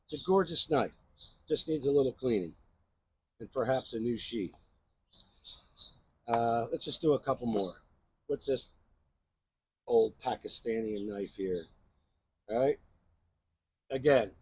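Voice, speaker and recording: A man's voice: mid-range voice, measured pace, pauses often, a little mellow, slight background noise. A man hosting a knife channel, chatting casually in a rambling show-and-tell review and often asking "right?".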